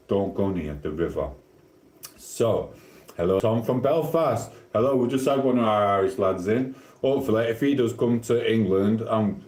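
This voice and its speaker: Middle-aged man, Sheffield Yorkshire accent, rambling matey livestream chat, warm low voice, echoing room. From Sheffield, South Yorkshire. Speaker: livestream host. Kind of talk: casual livestream chat while cooking.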